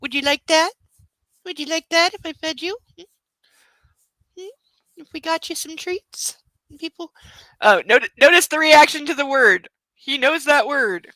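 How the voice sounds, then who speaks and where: A chatty woman hosts a casual book club stream from home, her voice high and bright. She slips into gushing baby talk between thoughts. The sound is dry and close. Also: moderate pace, long pauses, dry recording, low-quality recording. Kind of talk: casual livestream chat.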